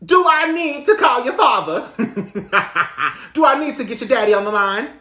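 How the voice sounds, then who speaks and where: A man voicing a loud, sassy single mother with a brash, teasing manner. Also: fairly high pitch, big pitch swings, normal speed, reverberant.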